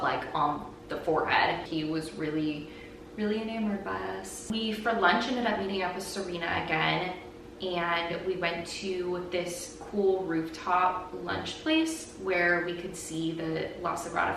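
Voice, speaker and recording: A young woman vlogger recounts her story in an easy, animated ramble, peppered with "like". Her voice sits at a middling pitch and carries a strong room echo. She sounds a bit off-mic, with faint noise underneath. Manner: chatty, heavy use of "like", animated retelling. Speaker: vlogger and podcast host. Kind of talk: casual storytelling chat. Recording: very echoey room, voice from a distance, faint background noise.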